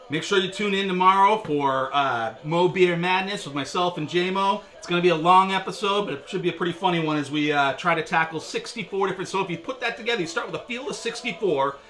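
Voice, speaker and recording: Here the beer review host sounds high, bright, and pushed. His delivery stays casual and talkative, laced with jokes, sarcasm, and constant filler.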